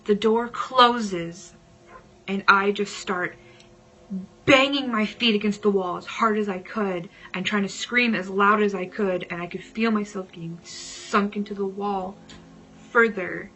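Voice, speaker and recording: A woman vlogger telling a personal story casually, dramatic and at times dropping into hushed whispers. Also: mid-range voice, fairly even intonation, unhurried, slightly rough, rough recording.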